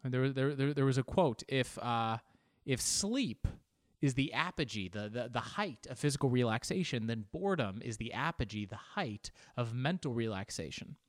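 A man talks in a loose, meandering monologue, poking fun at himself and acting out little back-and-forth exchanges. His voice sits at an ordinary middle pitch. The recording is dry and close, with no room sound around it. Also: animated, moderate pace, no echo. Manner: rambling, self-mocking, acts out little quoted exchanges. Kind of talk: casual monologue.

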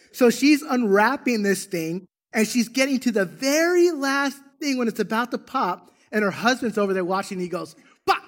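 A man preaching a sermon as a church pastor, with an animated, emphatic storytelling manner. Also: high voice. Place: church sanctuary.

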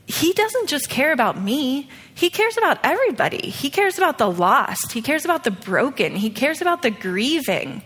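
Woman, thirties, conversational sermon, fairly high voice, long hall reverb. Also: fairly bright tone. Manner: conversational, often asks "okay?". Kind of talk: sermon with a personal story.

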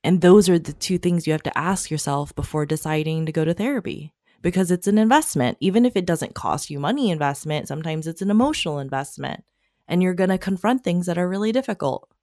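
A woman co-hosting a podcast in casual chat, opinionated, with quick asides and frequent laughs. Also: on the low side, animated, dark tone, dry recording, studio quality. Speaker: podcast co-host.

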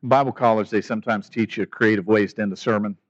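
A man preaching a sermon in a conversational way, asking rhetorical questions and rising to loud, emphatic peaks. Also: on the low side, fast, dry recording, lo-fi sound. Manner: animated, rising to near-shouting emphasis. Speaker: pastor.

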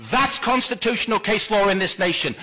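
A man with a British accent giving a forceful, defiant public speech at a school board meeting, lecturing the officials. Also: high voice, brisk.

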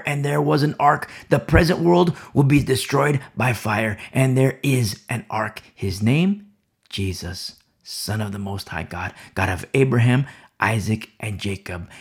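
A man preaching a sermon with fervent, dramatic delivery that swings from loud declarations to hushed whispers. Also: medium pitch, unhurried, gravelly, breathy edge.

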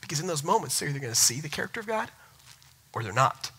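A man in his thirties delivers a sermon in a very bright, ringing voice sitting a little high. He tells family stories with animated, self-mocking humor between points. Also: fast talker, breathy edge, rough recording. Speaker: pastor.

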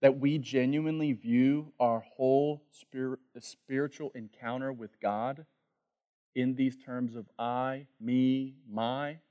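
A male pastor preaching a sermon, dropping to a hushed voice on key words. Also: medium pitch, fairly even intonation, takes it slowly, clean tone, narrow, tinny audio.

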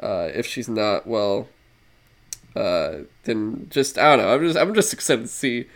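A man's voice: lowish voice, very animated, a little slow, a bit bright. A young man co-hosting a casual podcast, rambling, swearing and laughing as he goes. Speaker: podcast co-host. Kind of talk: casual chat.

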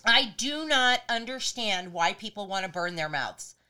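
A woman's voice: medium pitch, expressive, measured pace, bright, forceful tone, clean tone. A woman co-hosting a casual chat, candid and swearing freely, laughing often. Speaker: podcast co-host.

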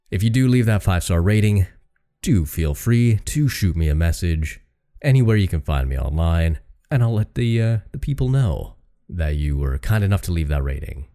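Male podcast host, deep and mellow, casual and a bit profane, faint music underneath. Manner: casual, swears offhandedly, stumbles on names.

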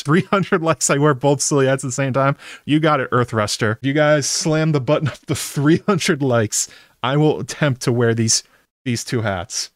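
A man streaming from home in a casual, rambling way, breaking off mid-sentence and chuckling between thoughts. His voice sits at an ordinary middle pitch, and the sound is close and dry with no room echo. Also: moderate pace. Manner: chatty, self-interrupting, laughs often. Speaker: streamer recapping a TV episode. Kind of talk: casual live-stream chat.

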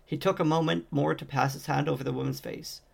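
Guy reading a fantasy book aloud, steady, kinda monotone, tons of vocal fry. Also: a little high, brisk. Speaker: audiobook reader.

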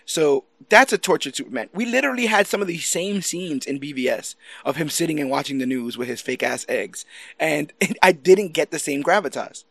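Animated man in a dry close-mic recording. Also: a little high, brisk, creaky, no echo. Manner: animated, laughs often, swears casually. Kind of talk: casual movie discussion.

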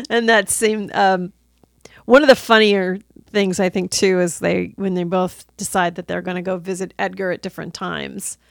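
A woman's voice: lowish voice, slow, vocal fry, pauses often, no echo. Woman, podcast co-host, casual movie chat, giggles a lot, dry close sound. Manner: giggly, laughs often.

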